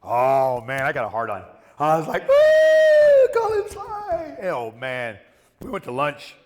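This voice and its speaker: A man's voice: medium pitch, moderate pace, a little hiss or hum. A middle-aged man telling rambling, profane stories as a guest on a convention panel. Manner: rambling, profane, animated storytelling with whoops. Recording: echoey hall with long reverb.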